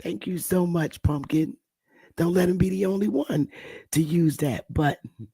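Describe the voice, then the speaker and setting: A woman hosting a casual livestream, hoarse while her voice recovers, talking softly and greeting viewers by name. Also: lowish voice, a little slow, dry recording. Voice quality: gravelly, husky. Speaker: livestream host.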